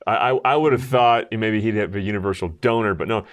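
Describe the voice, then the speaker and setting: A man's voice: lowish voice, brisk. A man hosting an interview show, eager and exclamatory as he asks his guest questions. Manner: enthusiastic, exclaims and laughs often. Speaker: talk show host.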